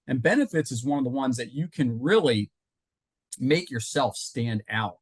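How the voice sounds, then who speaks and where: Animated man presenting a workshop. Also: mid-range voice, moderate pace, slightly rough, no room sound. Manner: animated, conversational, emphatic. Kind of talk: live webinar teaching.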